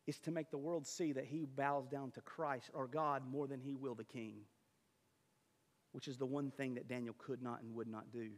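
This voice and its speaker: Dramatic high-voiced man preaching. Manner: dramatic, swings from booming to hushed. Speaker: pastor. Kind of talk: sermon. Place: church sanctuary. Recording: reverberant church hall.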